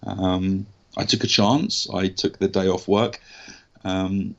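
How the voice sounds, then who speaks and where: An English man with a lowish voice tells a story candidly and with energy, the odd swear word thrown in. The sound is dull and lo-fi, as if from a call. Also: slow pace, creaky. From England. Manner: candid, animated anecdotes with mild swearing. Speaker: actor guest. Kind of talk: casual storytelling interview.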